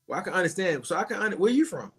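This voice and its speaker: A man, a boxing trainer guest in a casual interview, easygoing and halting, often repeating words. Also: high-pitched, big pitch swings, a bit bright, husky.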